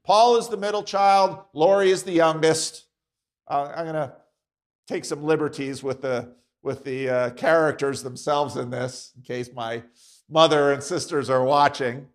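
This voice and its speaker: A man's voice: on the high side, fairly even intonation, measured pace. A man teaching a Sunday school class at church, talking conversationally and acting out little voices in his examples.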